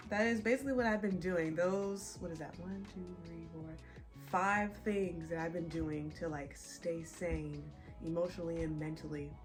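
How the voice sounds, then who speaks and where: A young pregnant woman chatting casually to her viewers, laughing often as she tells a story. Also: on the low side. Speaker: vlogger. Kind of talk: casual chat.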